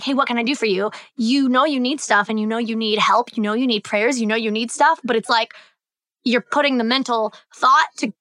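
A young woman talks alone on her podcast in a candid, rambling way, leaning on fillers as she thinks aloud. Her voice sits a little high and sounds bright and forward. The sound is close and dry, with no room around it. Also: no echo. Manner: candid, chatty, filler-heavy. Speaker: podcast host. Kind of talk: solo podcast talk.

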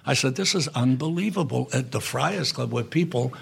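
An older man as a podcast guest, telling blunt, profane anecdotes in an animated, storytelling way. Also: medium pitch, normal speed, vocal fry, slight background noise.

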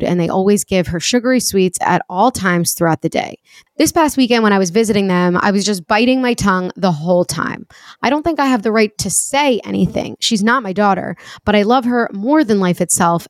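A woman's voice: medium pitch, brisk, no echo. A woman from Long Island hosting a casual podcast, reading a listener letter aloud and chatting playfully with co-hosts. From Long Island, New York. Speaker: podcast host.

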